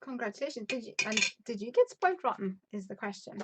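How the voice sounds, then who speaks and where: A woman in her thirties from Northern Ireland, with a softened Northern Irish accent, hosting a crafting live stream in a casual, upbeat way, reading out viewer comments and thinking aloud while she works. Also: on the high side, lively intonation, fast, background noise. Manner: chatty and upbeat, laughs often, thinks aloud while measuring.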